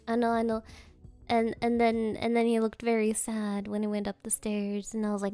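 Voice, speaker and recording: A woman's voice: a little high, steady tone, moderate pace, no room sound. A young woman streaming as a VTuber, chatting casually and rambling with giggles and playful quoted voices.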